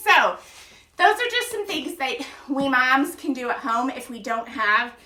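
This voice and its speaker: A woman's voice: on the high side, sharp tone. A woman, a mom, leading a casual home workout at home, chatty and upbeat, counting reps aloud. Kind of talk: casual exercise instruction. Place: room at home. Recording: echoey room, voice heard from a distance.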